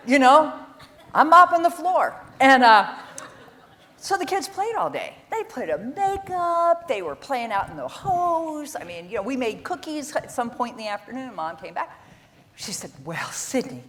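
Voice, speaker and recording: A middle-aged woman giving a keynote talk on stage, telling stories in an animated, exasperated way, often rising in pitch and volume when making a point. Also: normal speed, a little hiss or hum. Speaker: keynote speaker. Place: conference stage.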